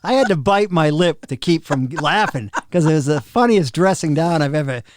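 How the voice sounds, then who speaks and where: Animated middle-aged man telling road stories. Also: on the high side, normal speed, no echo, studio quality. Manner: animated, laughs often, acts out quoted people. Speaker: professional drum tech, podcast guest. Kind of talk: casual storytelling of road anecdotes.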